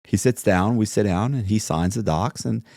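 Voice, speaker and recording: A man's voice: on the low side, moderate pace, gravelly, mellow, no room sound, clean studio sound. A man telling a story in a casual interview, acting out both sides of the conversations he recounts. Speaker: podcast guest telling his story.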